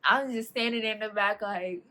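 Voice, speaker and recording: A young woman, chatting casually as a vlogger through a storytime about a date, animated and laughing as she acts out what people said. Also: medium pitch, normal speed.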